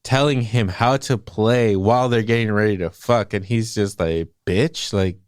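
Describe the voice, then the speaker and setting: A man's voice: on the low side, normal speed, smooth, no echo, studio quality. A man co-hosting a casual movie podcast, talking in a loose, profane way and acting out the characters' lines with energy. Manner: animated, profane, acts out quotes. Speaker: podcast co-host.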